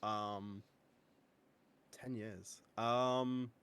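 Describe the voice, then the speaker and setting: A young man on a podcast, chatting excitedly and laughing easily as he tells stories. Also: on the low side, clear, resonant tone. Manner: excitable, quick to laugh, lively storytelling. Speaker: guest. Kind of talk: casual podcast chat.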